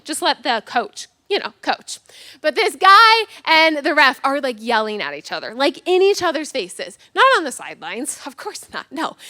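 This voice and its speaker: A high-voiced woman pastor in her thirties giving a sermon. Her bright, forceful tone swings up and down as she acts out quotes and pokes fun at herself. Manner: animated storytelling with acted-out quotes, self-mocking humor. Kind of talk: sermon with personal story.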